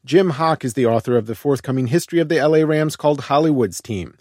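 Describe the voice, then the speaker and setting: A man reading a scripted radio news report in a measured manner. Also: mid-range voice, expressive, darkish tone, dry recording, studio quality.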